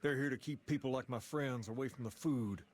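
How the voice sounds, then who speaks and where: A laid-back gang boss in a video game speaks with a folksy drawl and calm authority, voiced by an actor. His voice sits at an ordinary male pitch. He sounds protective of his people. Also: brisk, close to an everyday voice.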